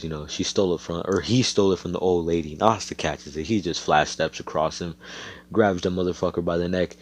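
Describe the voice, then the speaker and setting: A young man with a very deep, low voice spins a fan story off the cuff. He rambles, swears freely and breaks off into laid-back asides. The delivery is casual and unscripted. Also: warm tone.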